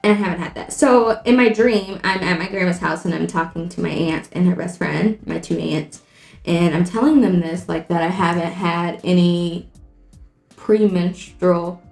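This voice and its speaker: A woman's voice: lowish voice, creaky, darkish tone. Chatty young woman in an echoey room. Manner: chatty and rambling, lots of "like". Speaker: makeup vlogger. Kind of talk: casual storytelling while doing makeup. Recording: echoey room, faint music.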